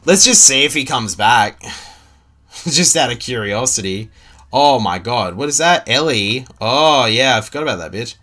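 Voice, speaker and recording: A young man with an Australian accent runs his stream, taunting and swearing with a mocking edge. His pitch swings widely as he jeers. He talks in a casual, profane way. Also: animated, normal speed, bright, forceful tone.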